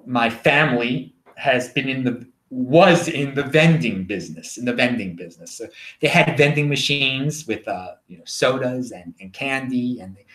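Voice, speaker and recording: A man with a Baltimore accent hosting his own show, telling stories in a rambling, animated casual monologue. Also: mid-range voice, roomy sound. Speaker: show host.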